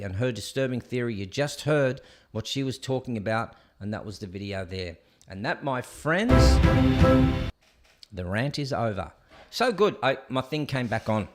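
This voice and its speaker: A man hosts a live stream and rants at his viewers with a sarcastic edge. His voice sits at an ordinary middle pitch, and he talks straight to the audience. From Australia. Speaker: host. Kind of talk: opinionated live-stream commentary.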